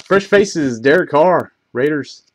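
A man hosting a live trading card break, reading off each pull in quick succession, tripping over names now and then. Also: fairly high pitch, heavy background noise. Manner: rapid list-reading, stumbles over names; bursts of excitement on big pulls.

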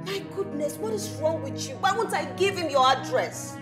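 A teasing nigerian best friend, high voice that jumps all over, bit of music underneath. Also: female voice, moderate pace. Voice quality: teasing, lively, mixing Pidgin into English. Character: bubbly young woman who teases her nervous friend. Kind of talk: film drama acting.

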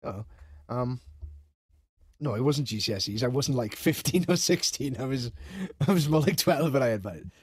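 A man's voice: medium pitch, animated, moderate pace, breathy edge, no echo, studio quality. A man, telling crude school stories in a casual podcast chat, laughing and swearing as he goes. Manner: swearing, laughing, self-mocking anecdotes. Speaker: podcast co-host.

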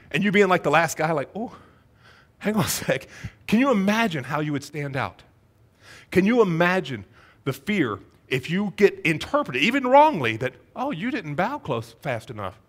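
A man preaches in an animated, storytelling way, putting on voices for the characters and firing rhetorical questions at his listeners. His voice sits a little high and swings widely in pitch as he builds the story. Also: slightly rough. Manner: conversational, rhetorical questions to the congregation. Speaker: pastor. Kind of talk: sermon.

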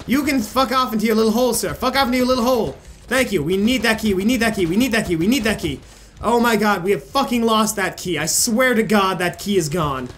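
A man's voice: high-pitched, fast, fairly bright tone, a little hiss or hum. A young man hosting a gaming channel, rambling and joking with plenty of swearing as he comments on his play. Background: faint game music.

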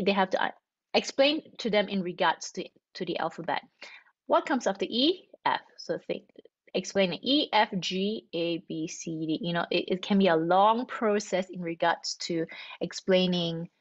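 Woman string teacher, chatty, walks through each step, middle pitch, muffled dry recording. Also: no echo. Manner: chatty, explains step by step, asks and answers her own questions. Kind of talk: instructional explanation.

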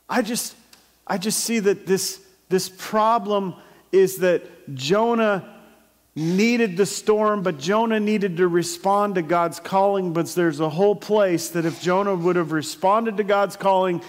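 A man preaching a sermon as pastor, telling stories with sudden loud bursts and asides. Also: high voice, measured pace. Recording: long church hall reverb.

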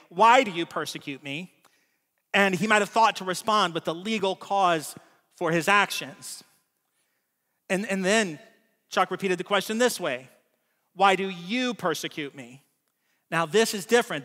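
Man, pastor, conversational sermon, keeps asking "right?", vivid bright voice, long church-hall echo. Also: sits high. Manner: conversational preaching with frequent "right?" asides.

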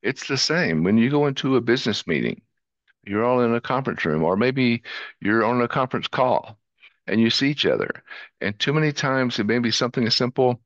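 A man's voice: medium pitch, expressive, a little fast, a bit bright, no echo, dull audio. A man with a Southern US twang, a podcast guest talking earnestly and listing ideas one after another. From southern United States. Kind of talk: interview conversation.

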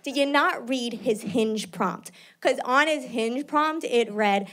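A young woman from New York City doing stand-up, animated and self-mocking. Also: fairly high pitch, takes it slowly, few pauses. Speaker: stand-up comedian. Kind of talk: stand-up comedy.

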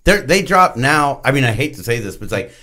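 A male podcast host talks in casual chat with a lively, swinging pitch. He is blunt and emphatic, and his swearing is steady and unguarded. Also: brisk.

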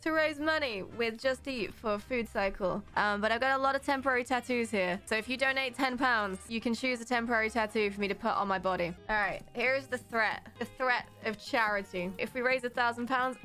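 A woman's voice: fairly high pitch, fairly quick, hardly any pauses, sharp tone, faint music behind. A young woman in her twenties chatting casually on a charity livestream, bubbly and self-mocking, laughing often. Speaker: streamer hosting a charity stream.

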